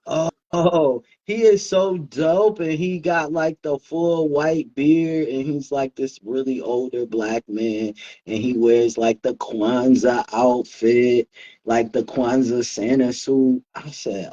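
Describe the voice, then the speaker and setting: A man's voice: mid-range voice, slow pace. Man, casual co-host, rambling storyteller, muffled lo-fi sound. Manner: relaxed storytelling, laughs often, many fillers. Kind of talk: casual chat.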